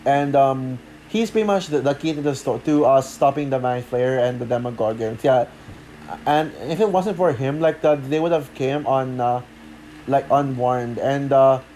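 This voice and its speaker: A man talking through a show review off the cuff, halting with many fillers and restarts, short of breath. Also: medium pitch, mellow, slight background noise. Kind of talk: unscripted review talk.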